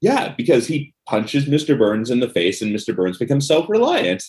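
Man, podcast co-host, casual banter, animated pitch, laughs a lot. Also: moderate pace. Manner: jokey, laughs often, rambling with fillers. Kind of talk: casual chat.

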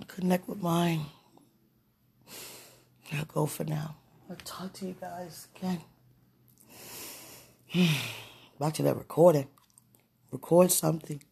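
A vlogger speaking an emotional, pleading prayer to the camera, swinging between quiet murmurs and excited bursts. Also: medium pitch, takes it slowly, creaky, pauses often, breathy edge. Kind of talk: casual spoken prayer to camera.

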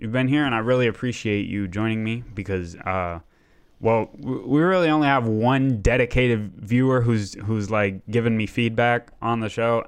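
A man's voice: on the low side, smooth. A man hosting a casual podcast, rambling along and swearing freely. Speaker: podcast host.

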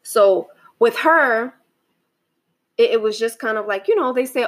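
A woman's voice: fairly high pitch, animated, a little slow, long pauses. Rambling, reflective young woman. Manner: rambling, many restarts and fillers, asks "right?". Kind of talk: casual reflective monologue.

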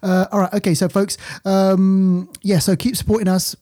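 Guy on a film podcast, mellow tone, laughs a lot and trips over his words. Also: sits high, moderate pace. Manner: animated, laughs often, stumbles over words. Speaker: podcast co-host. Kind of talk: casual chat.

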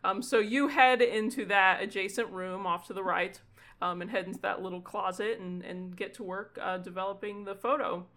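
Casual woman game master, bright tone, relaxed filler-heavy narration. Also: mid-range voice. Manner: chatty, lots of ums, quick laughs.

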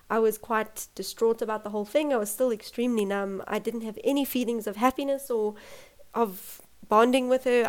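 A young adult woman telling her own birth story in an emotional, personal way, laughing often and acting out what others said. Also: fairly high pitch. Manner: emotional, laughs often, acts out quoted voices.

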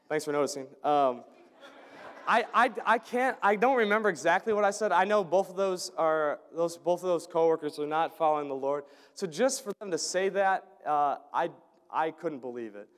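Earnest man telling stories in a reverberant hall. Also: fairly high pitch. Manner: earnest, halting, repeats words, chuckles often. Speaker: churchgoer giving a mission trip update. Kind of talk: storytelling sermon testimony. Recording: long reverb of a large hall.

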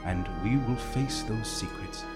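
Brief: a controlling cybernetic father, as a game master puts him on, hushed, low and sinister. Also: a little slow, over loud music, natural voice. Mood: soothing menace. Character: tall cold cybernetic executive father, calmly controlling.

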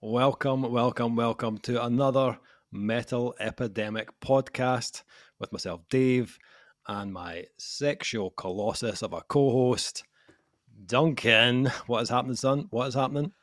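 A man's voice: mid-range voice, steady tone, a little slow, dry recording, studio quality. A man hosting a casual podcast chat, joking and laughing often with his co-host. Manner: jokey, laughs often, teasing.

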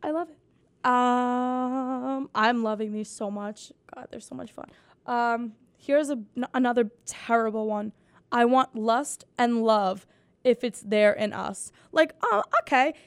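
A woman's voice: a little high, a little slow, smooth, no echo. A young woman hosting a casual comedy podcast, sarcastic and swearing freely, mocking quotes in put-on voices. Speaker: podcast host.

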